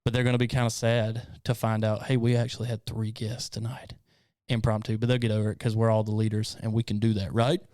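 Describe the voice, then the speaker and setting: A man's voice: lowish voice, flat delivery, fast, a little mellow, no echo, studio quality. A man hosting a casual podcast, upbeat and joking, laughing often. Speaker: host.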